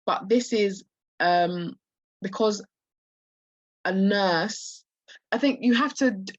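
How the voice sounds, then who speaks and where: Hoarse woman tutoring over dull call audio. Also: medium pitch, takes it slowly, pauses often, no room sound. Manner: explains answers with many restarts and fillers. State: losing her voice. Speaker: medical school admissions tutor. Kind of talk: live online practice test walkthrough.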